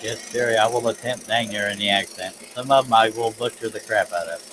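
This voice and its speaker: A man's voice: on the low side, fairly even intonation, a little fast, background noise. A man hosting a live stream, chatting casually and poking fun at himself while he works. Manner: easygoing, self-mocking, chuckles often. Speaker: live-stream host and artist. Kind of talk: casual chat while working.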